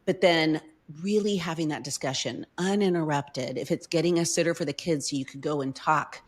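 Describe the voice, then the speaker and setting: A woman's voice: low-pitched, moderate pace. Heartfelt middle-aged woman telling her story. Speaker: podcast guest. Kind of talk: casual podcast chat.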